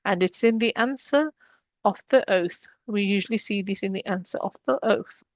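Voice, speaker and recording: A woman's voice: medium pitch, normal speed, darkish tone, dry recording. A woman teaching an Arabic grammar lesson, explaining each rule step by step and mixing English with Arabic terms.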